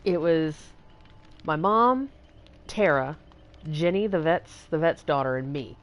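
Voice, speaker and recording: Deep-voiced and animated, this young woman from Texas takes her time. She's a livestream host spinning long, rambling stories in casual chat, heavy on fillers and swearing.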